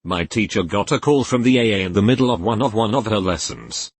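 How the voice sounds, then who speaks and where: A man narrating Reddit posts aloud in a lively, expressive read with jokey asides. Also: on the low side, a little fast, husky.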